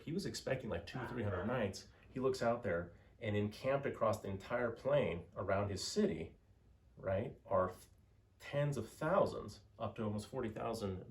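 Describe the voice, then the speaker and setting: Male history lecturer, lowish voice, chatty storyteller, lots of "you know"s. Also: far from the mic. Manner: animated, chatty, many fillers. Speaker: history teacher.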